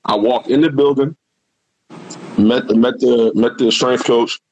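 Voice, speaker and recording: A middle-aged man, a guest and former football player, telling a rambling, animated story in casual talk and swearing freely. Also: medium pitch, a little slow, dull audio, slight background noise.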